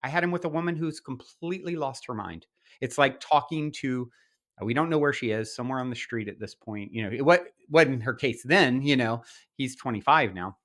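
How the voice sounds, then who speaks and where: A middle-aged man, a podcast guest, telling personal stories in an animated way, with many restarts and quoted asides. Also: mid-range voice, a little fast. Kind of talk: storytelling in conversation.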